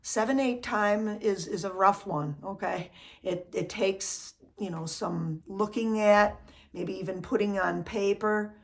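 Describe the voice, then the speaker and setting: A woman's voice: medium pitch, unhurried, vocal fry. Woman drum teacher, chatty lesson. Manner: says "okay?" after most phrases, counts beats aloud.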